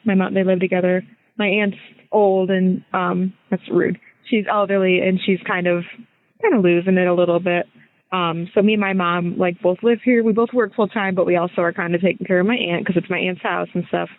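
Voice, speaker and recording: A woman's voice: lowish voice, steady tone, fairly quick. A woman in her twenties leaves a casual, rambling voice message for a podcast, hesitating and correcting herself as she goes. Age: 20s. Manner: rambling, hesitant, self-interrupting. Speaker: listener caller sending a voice message. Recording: thin phone-line sound.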